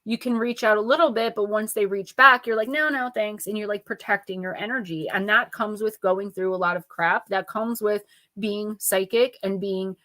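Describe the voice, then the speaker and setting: A woman gives oracle card readings on a live stream, reading viewer names in lists with a blunt, playful, lightly profane manner. Her medium-pitched voice is pushed and bright, her intonation fairly even and her speed normal, with no room sound.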